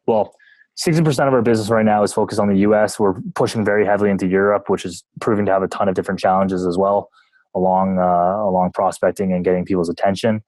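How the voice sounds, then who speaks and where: A Canadian man, a sales manager, talking casually as a podcast guest, relaxed and quick to laugh. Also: low-pitched, dry recording, rough recording. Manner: relaxed and talkative, laughs easily, jokes about himself.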